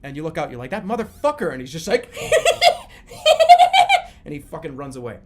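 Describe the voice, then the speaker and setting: A man in his thirties streaming live, chatting casually in a rambling, profane, animated way. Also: mid-range voice, very fast, very noisy. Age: 30s.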